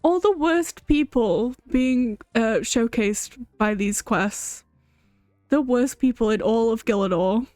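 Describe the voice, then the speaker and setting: A young adult woman chats casually and reacts expressively while she plays a game on stream. Her voice is fairly high. It sounds dry and close, with faint music playing behind her. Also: slow, darkish tone, no echo.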